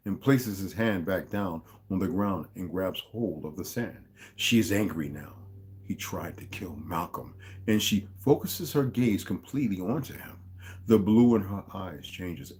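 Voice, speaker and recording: Male streamer, low voice, casual read-aloud; stumbles, self-corrects, chats between passages. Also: a little mellow. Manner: rambling, stops to comment and correct himself. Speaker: livestream host reading a novel aloud.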